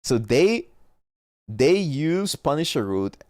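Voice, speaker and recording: A man's voice: a little high, sing-song, slow, no room sound, studio quality. A young man casually commenting on an esports match, blunt and swearing freely as he reacts to the game. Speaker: esports streamer watching a match.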